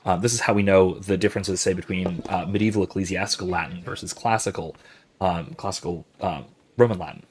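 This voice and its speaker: A man with a somewhat low voice talks through a game in a loose, lecturing way. He wanders through his points with lots of ums and restarts, stopping now and then to react to viewers' comments. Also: breathy edge. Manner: rambling, professorial, many fillers and restarts; reads out viewer chat and reacts. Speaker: gaming channel host. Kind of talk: casual explanatory commentary while playing.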